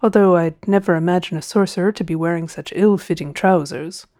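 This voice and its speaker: Brief: a woman doing a lazy, dismissive gentleman cousin, mellow tone, dry recording. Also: on the low side, brisk, no room sound, natural voice. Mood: offhand.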